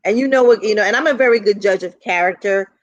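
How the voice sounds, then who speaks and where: A woman's voice: medium pitch, fast talker, no room sound, highs cut off. A woman, a guest in a casual chat, talking agreeably with many "I mean" and "you know" fillers.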